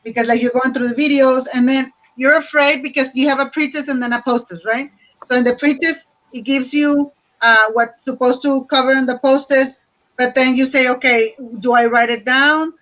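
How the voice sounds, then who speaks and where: Earnest high-voiced woman teacher. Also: steady tone, moderate pace, fairly bright tone, low-quality recording. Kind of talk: casual group discussion.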